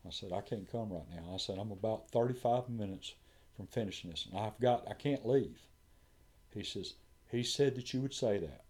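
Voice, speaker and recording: A man's voice: lowish voice, lively intonation, moderate pace, a little mellow. A man, a firefighter telling a story in casual conversation and acting out what others said.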